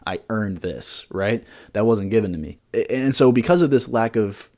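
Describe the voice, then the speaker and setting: A young male podcast co-host with a lowish, darkish voice chats casually at a moderate pace. He rambles, repeats words often, and swears freely.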